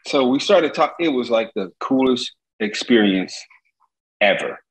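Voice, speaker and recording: A middle-aged man from Indiana telling a story as an interview guest, acting out the voices in it with big jumps in pitch. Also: a little slow, low-quality recording. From Gary, Indiana. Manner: lively storyteller, acts out quotes with jumps in pitch. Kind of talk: animated storytelling.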